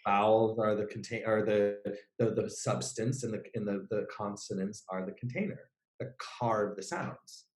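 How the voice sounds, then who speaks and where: A man who is a vocal coach and podcast guest, speaking slowly and deliberately in casual conversation, often restarting his sentences. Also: on the low side, steady tone, darkish tone. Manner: slow and deliberate, with many restarts. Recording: roomy echo.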